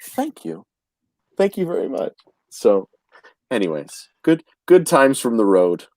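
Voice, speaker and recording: Male host, animated storyteller, dry close sound, natural mid-pitched voice. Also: a little slow, no echo. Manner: animated anecdote teller, chatty with many restarts. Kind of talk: casual storytelling chat.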